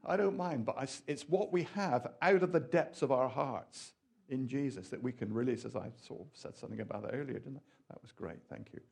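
A man preaching a sermon in an animated, rambling way, full of asides and questions to the audience. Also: medium pitch, a little fast, creaky, slightly rough.

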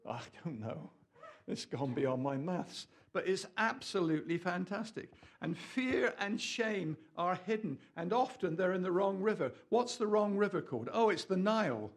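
A man preaching a lively, jokey sermon, with asides to his audience. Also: high-pitched, normal speed. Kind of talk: lively sermon to a small group.

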